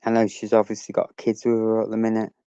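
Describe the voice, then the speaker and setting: A man's voice: fairly low pitch, completely flat delivery, fast talker, warm tone, clean tone, no room sound, lo-fi sound. A man hosting a casual live stream, chatting with viewers and greeting them by name.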